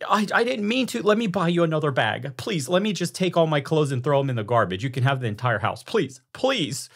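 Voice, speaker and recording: A man's voice: lively intonation, fairly quick. A man doing a whimpering, groveling husband. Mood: pleading. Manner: high, pleading, desperate whine.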